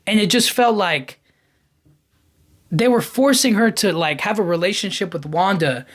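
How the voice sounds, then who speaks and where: A man hosting a podcast, giving a casual, animated film-review rant full of "like" and "you know what I mean". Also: high voice, moderate pace. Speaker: podcast host.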